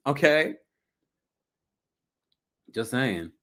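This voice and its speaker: Lively gossiping man hosting a recap stream. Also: very slow. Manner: gossipy, lively, mimics people in high voices. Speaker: recap show host. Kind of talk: casual livestream recap chat.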